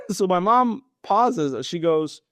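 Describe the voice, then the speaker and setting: A man's voice: high-pitched, slow, no echo. A man in his thirties, a podcast interview guest, tells his story casually, laughing often and acting out conversations. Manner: animated, laughs often, acts out dialogue.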